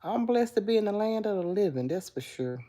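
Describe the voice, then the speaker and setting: A woman's voice: mid-range voice, animated, a little fast, mellow. A middle-aged woman hosting a casual live stream, talking straight to viewers and answering chat comments. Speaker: livestream host.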